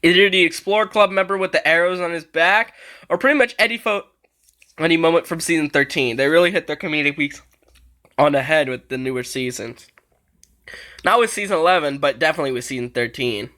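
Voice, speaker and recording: A man's voice: on the high side, brisk, pushed and bright. A man giving casual reaction commentary on show clips, laughing often between lines and swearing casually.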